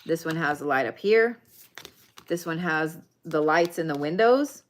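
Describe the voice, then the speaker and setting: A woman's voice: deep voice, animated, a little slow, a little hiss or hum. A woman giving live card readings, talking casually and addressing viewers by name. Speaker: tarot card reader.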